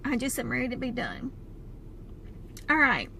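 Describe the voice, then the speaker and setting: A woman's voice: a little high, sing-song, normal speed, pushed and bright. A woman with a Southern US accent, talking to camera with candid, plainspoken chat from inside a car. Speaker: vlogger. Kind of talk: casual talk to camera. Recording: clear car road noise.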